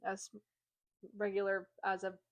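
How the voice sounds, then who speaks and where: A book podcast co-host with a medium-pitched voice retells a plot at a measured pace, recorded without room sound. Her casual, chatty delivery is packed with fillers, "like" above all, and she becomes animated whenever she acts out quotes.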